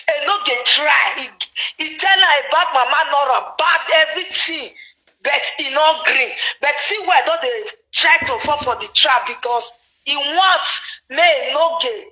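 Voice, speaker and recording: Excitable high-voiced Nigerian woman. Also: poor audio. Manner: excitable, switches into pidgin, laughs often. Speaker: gossip commentator. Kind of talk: casual chat.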